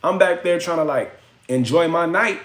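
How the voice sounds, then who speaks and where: A man with a somewhat high, slightly bright voice speaks at a moderate pace. He's hosting a phone livestream in an echoey room, telling the live chat a story in casual slang and doing the voices of the people in it.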